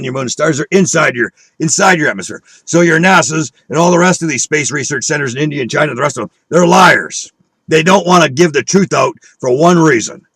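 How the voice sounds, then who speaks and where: A man's voice: fairly high pitch, fairly bright tone, slightly rough, no echo. A man delivering a profane, combative rant at his viewers, scornful and preaching, with a dry close recording. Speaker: online video speaker. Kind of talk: angry conspiracy rant.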